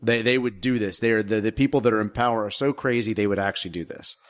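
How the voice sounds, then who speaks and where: A man co-hosting a podcast, chatting casually about a movie in an animated way and often repeating words as he starts a thought. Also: on the low side, quick pace. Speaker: podcast co-host.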